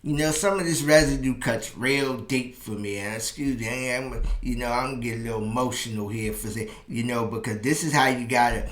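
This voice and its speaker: A man in his fifties tells a personal dating story as a relationship advice host. His voice is bright and sharp, and his manner moves between animated storytelling and slower, heartfelt reflection. The recording has a roomy echo. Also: medium pitch. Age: 50s. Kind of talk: personal storytelling monologue to camera.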